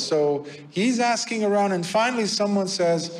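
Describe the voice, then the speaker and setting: A male Buddhist monk giving a dharma talk in a temple prayer hall, telling a story with pauses and fillers. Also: high voice, animated, slight background noise.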